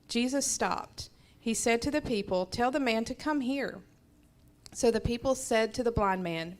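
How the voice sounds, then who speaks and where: A woman in a church Bible class reading a scripture passage aloud in a steady, plain way. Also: mid-range voice.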